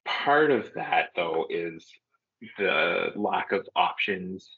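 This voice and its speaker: A man's voice: low voice, animated, drawn-out words, creaky, husky, narrow, tinny audio. A man co-hosting a sports podcast in casual chat, hesitant and full of fillers as he weighs his opinions. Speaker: podcast co-host.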